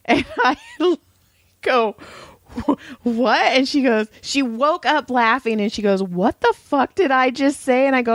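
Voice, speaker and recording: A woman's voice: on the high side, animated, takes it slowly, no echo, studio quality. A woman co-hosting a podcast, telling stories in a casual chat, laughing often and acting out quotes. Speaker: podcast co-host.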